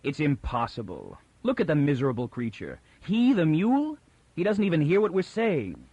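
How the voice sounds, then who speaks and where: A man's voice: a little high, huge pitch swings, normal speed, a little mellow, breathy edge, no echo, dull audio, voice pushed up, full character voice. A man doing a harsh, disbelieving young man. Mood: scornful. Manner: harsh and final.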